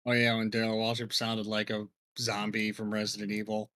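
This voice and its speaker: A man chiming in as a co-commentator with flat, wry remarks. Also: lowish voice, brisk.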